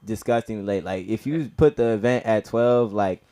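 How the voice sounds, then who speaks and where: This young open-mic comedian, of Nigerian heritage, works a comedy club stage at a moderate pace. His rambling set is thick with slang, full of "bro" and "you feel me," and he gets loud and high-pitched whenever he plays out a story.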